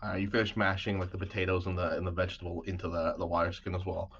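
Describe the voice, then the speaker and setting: A man narrating a tabletop game as game master, relaxed and hesitant with many fillers. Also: sits low, racing. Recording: dull lo-fi mic.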